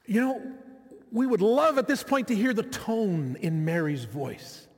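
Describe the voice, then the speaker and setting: High-voiced man preaching in an echoing hall. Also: big pitch swings, measured pace. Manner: reflective, conversational, with frequent asides to the listeners. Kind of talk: sermon.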